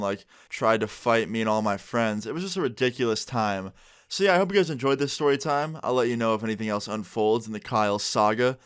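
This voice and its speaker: Animated young man telling a story. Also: medium pitch, clean tone. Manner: animated, joking, swears freely. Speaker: storyteller vlogger. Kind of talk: casual story time.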